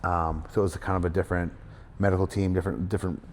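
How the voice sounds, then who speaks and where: A middle-aged man telling his story in a casual interview, animated, acting out other people's voices, with many fillers. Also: sits low, racing, slight background noise. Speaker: guest wrestler. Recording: hall reverb.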